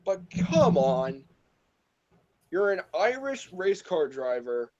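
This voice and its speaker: A man's voice: high-pitched, lively intonation, unhurried, mellow, muffled recording. A man co-hosting a casual movie review chat, talking bluntly, swearing and mocking the characters he dislikes. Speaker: podcast co-host.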